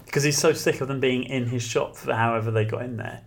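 A man in casual chat, joking and teasing, bursting into loud laughter. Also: medium pitch, fairly even intonation, fast talker.

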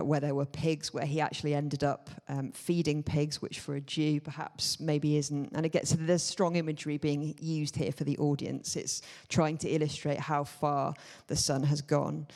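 A man's voice: on the high side, darkish tone. A man giving a conversational sermon, informal and hedging, with many fillers and asides. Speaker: church speaker. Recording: long hall reverb.

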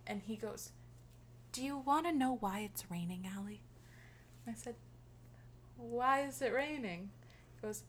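A young woman casually telling a friend a story, animated, swearing freely and laughing as she talks. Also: on the high side, measured pace, pauses often, a little hiss or hum. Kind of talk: casual chat.

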